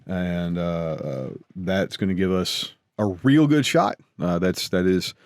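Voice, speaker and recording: Low-voiced American man, dry close sound. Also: darkish tone, no echo. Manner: measured, filler-heavy planning talk. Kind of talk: casual chat.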